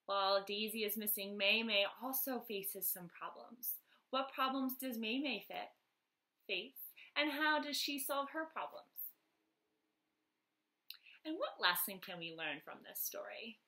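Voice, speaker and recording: A woman's voice: mid-range voice, a little slow, pushed and bright, rough recording. A woman teacher reading a children's story aloud expressively, then asking young readers questions.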